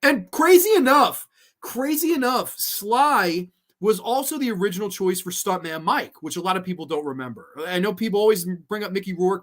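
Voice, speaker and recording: A young man hosting a horror movie review stream, chatting in an excitable, profane, rambling way and laughing easily. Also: high voice. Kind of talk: casual livestream commentary.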